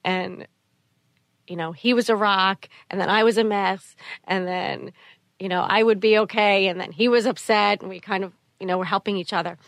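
A middle-aged woman, a mother, speaking as an interview guest in a soft, earnest way, often repeating her phrases. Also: mid-range voice, steady tone, moderate pace, gravelly, dry recording. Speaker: guest, mother of a sick child. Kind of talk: interview conversation.

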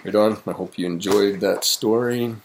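A man reading a children's story aloud in a gentle, playful, unhurried way. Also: lowish voice, steady tone, vocal fry, a little hiss or hum.

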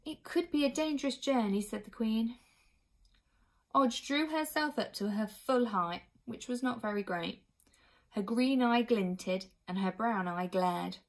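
Woman storybook narrator, clear, expressive reading. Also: medium pitch, slow. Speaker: audiobook reader.

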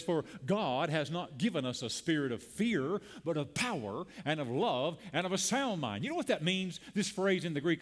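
Impassioned man preaching a sermon. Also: fairly high pitch. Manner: preaching with call-and-response and rising emphasis. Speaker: pastor. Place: church sanctuary.

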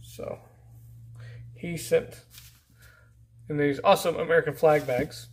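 A man's voice: steady tone, slow pace. Rambling, easygoing man opening mail. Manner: rambling, easygoing, often trailing into low mutters. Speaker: YouTube channel host. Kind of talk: casual mail-call vlog. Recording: faint background noise.

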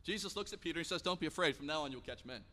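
A man in his thirties preaching a sermon in church, telling stories and acting out the quotes with lively energy. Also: on the high side, rapid-fire. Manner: animated storytelling, acting out quotes. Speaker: pastor. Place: church sanctuary. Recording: long church hall reverb.

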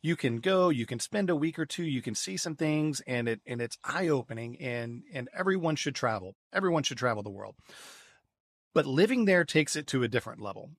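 A man, a podcast guest, telling stories in a lively conversational way and often repeating words as he restarts. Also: medium pitch, dry recording, studio quality. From United States. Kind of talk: storytelling in a conversational interview.

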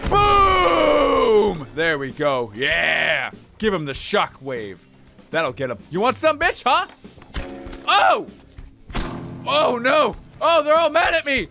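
A young man commentating his own game play, excitable, swearing and yelling at enemies. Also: very high voice, takes it slowly, creaky, soft background music. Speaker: gaming channel host.

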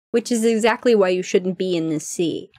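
A woman's voice: medium pitch, unhurried, darkish tone, no echo, studio quality, close to an everyday voice. A woman voicing an edgy, cold young shark boy who talks in curt threats. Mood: cold menace.

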